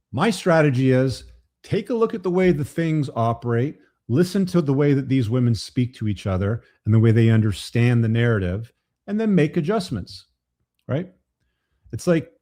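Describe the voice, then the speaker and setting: Male show host, blunt and profane, mellow dark voice, mid pitch. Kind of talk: live show commentary.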